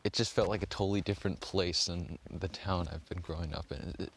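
A man's voice: low-pitched, fairly even intonation, brisk, breathy edge. A young man vlogging casually to his phone, rambling, swearing often and filling gaps with "like". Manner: rambling, swears a lot, heavy use of "like".

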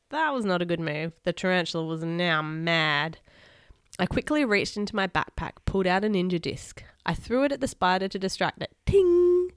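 A woman reading a children's chapter book aloud to a child as a teacher, animated and doing sound effects. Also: on the low side, no echo, studio quality.

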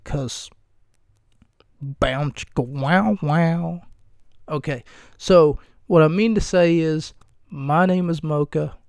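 A man's voice: a little high, slow, creaky, long pauses, darkish tone, no echo, studio quality. A man hosting his own podcast, recapping and bantering in a wry, rambling, profane, self-mocking way. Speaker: podcast host.

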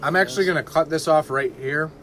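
A man hosting a podcast, chatting in a joking, crude, animated way. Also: on the high side, fast talker, crowd noise. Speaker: podcast host. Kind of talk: casual chat.

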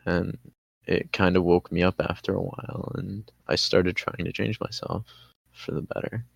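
A man as a podcast guest telling a personal story in casual conversation, halting and candid, often restarting his sentences. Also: low voice, steady tone, creaky, husky, no echo, lo-fi sound.

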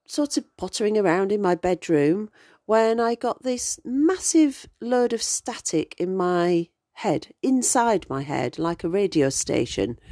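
A woman's voice: medium pitch, a little mellow, no room sound. A middle-aged woman hosting a podcast, telling her own stories in a chatty, digressive way. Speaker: podcast host. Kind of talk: casual storytelling monologue.

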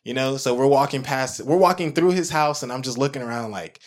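A man's voice: medium pitch, fairly quick. A man in his twenties, a guest music producer, telling a story in casual chat with lots of fillers like "like" and "you know". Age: 20s. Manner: animated, rambling, heavy use of "like" and "you know".

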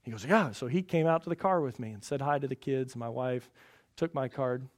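A middle-aged man preaching a sermon as pastor, telling folksy stories and swinging between loud emphasis and quiet asides. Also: medium pitch, brisk.

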